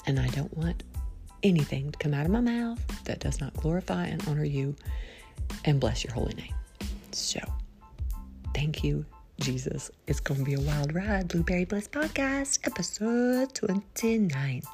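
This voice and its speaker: A woman's voice: deep voice, moderate pace, creaky, long pauses, mellow, soft background music. A woman hosting her own podcast, chatting playfully and giggling, and breaking into spoken prayer along the way. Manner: bubbly, playful, giggly, prays aloud mid-talk. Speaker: podcast host. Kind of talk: casual faith chat podcast.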